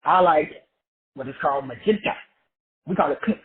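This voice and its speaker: A man with a high, deeply raspy voice delivers a profane motivational lecture to a group call, hammering points home with repetition. He drags out key words slowly for emphasis. The sound comes through thin, phone-like call audio. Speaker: motivational teacher.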